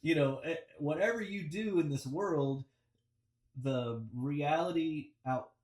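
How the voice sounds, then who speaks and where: A man gives a relaxed, reflective coaching talk about public speaking on a video call, often pausing with ums and restarting his sentences. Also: a little high. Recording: roomy and distant from the mic.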